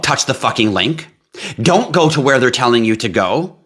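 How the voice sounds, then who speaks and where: A man's voice: medium pitch, sing-song, normal speed, fairly bright tone, husky. A man hosting a crypto livestream, talking bluntly in a casual rant, swearing freely and squealing when he mocks panicky scam victims. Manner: blunt, profane, ranting.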